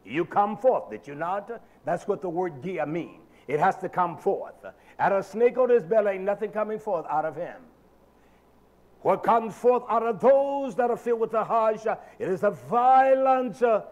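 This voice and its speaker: A man preaches a sermon in a dramatic, colloquial style, moving between shouted lines and quiet murmurs.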